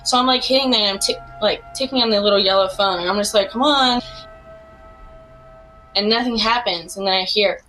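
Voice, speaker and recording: A woman tells a true ghost story in a casual, rambling manner, leaning on filler words. Her voice sits at an ordinary middle pitch and jumps upward during the tense moments. A soft music bed plays faintly behind her. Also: quick pace, hardly any pauses, poor audio. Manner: rambling, heavy use of "like" fillers; animated retelling with bursts of rising pitch.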